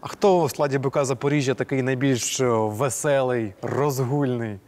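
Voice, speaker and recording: A man's voice: mid-range voice, normal speed, darkish tone, slight background noise. A man hosting a sports interview, asking questions with hesitant fillers.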